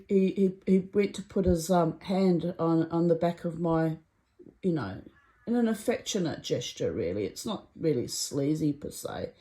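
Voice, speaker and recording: A middle-aged woman talks through a story in a loose, chatty monologue. Her voice sits on the low side. She wanders into asides and fillers as she goes. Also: a little mellow, low-quality recording. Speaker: vlogger.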